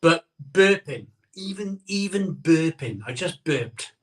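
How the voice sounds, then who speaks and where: Streaming live from his home, a man runs a beer-tasting show in a slightly high voice with lively intonation, taking his time and sitting far from the microphone. Chili has set his mouth on fire, and his easygoing talk wanders and cuts itself off.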